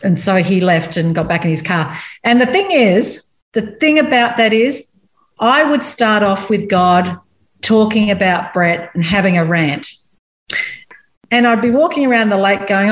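A woman's voice: medium pitch, moderate pace. A woman speaking on marriage from a Christian view, earnest and candid as she tells stories from her own marriage. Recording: roomy echo.

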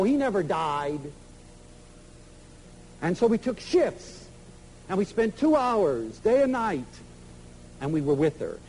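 A man giving an emotional, storytelling lecture to an audience, swinging from loud to soft. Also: high voice, slight background noise, rough recording.

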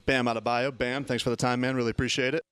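A man's voice: mid-range voice, little pitch movement, quick pace, a bit bright, clear, resonant tone. A man interviewing a basketball player with loose, chatty questions. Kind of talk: casual sports interview.

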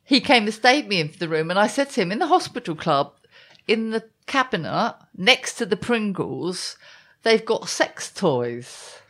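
A woman's voice: medium pitch, very animated, moderate pace, a bit bright. A woman in her fifties, co-hosting a casual chat and telling self-mocking stories in a wry way. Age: 50s. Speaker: podcast co-host.

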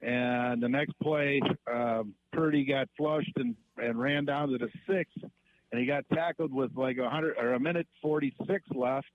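A man's voice: medium pitch, unhurried. A man calling in to a sports radio show, methodically recounting game details. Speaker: caller. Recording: tinny phone line.

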